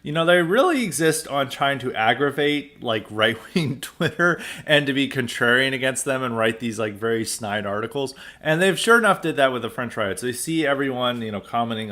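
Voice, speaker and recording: A man's voice: medium pitch, animated, moderate pace, few pauses, pushed and bright. An American man hosting a podcast, giving an emphatic, sarcastic political commentary monologue and often restarting his sentences. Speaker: podcast host.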